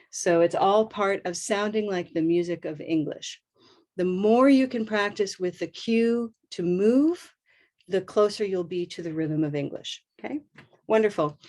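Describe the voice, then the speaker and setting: A woman teaching English pronunciation in a live online lesson, modeling vowel sounds slowly and deliberately with upbeat praise. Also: medium pitch, darkish tone.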